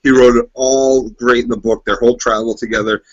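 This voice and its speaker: Second co-host, eager fan who adds asides, slightly muffled sound. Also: male voice, mid-range voice, flat delivery, a little fast, no room sound. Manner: enthusiastic, drops in book knowledge and asides. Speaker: podcast co-host. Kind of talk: casual TV episode recap chat.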